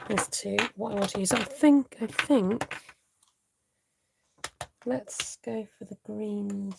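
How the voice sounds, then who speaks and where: Chatty woman with a gravelly, creaky voice. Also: mid-range voice, very noisy. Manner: chatty, reads out viewer comments, laughs often. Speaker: card-making tutorial host. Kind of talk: live crafting tutorial, chatting with viewers.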